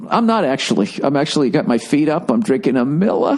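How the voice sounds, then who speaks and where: A man's voice: mid-range voice, sing-song, fast talker, hardly any pauses, a little mellow. A man in his forties with a Boston accent, hosting a podcast as a casual monologue and ranting sarcastically, swearing often. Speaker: podcast host.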